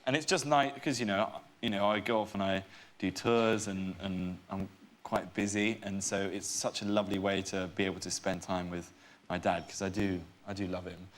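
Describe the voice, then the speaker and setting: A young man, a guest on a chat show, chatting and telling family stories with quick laughs. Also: sits low, steady tone, a little hiss or hum. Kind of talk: casual chat show interview.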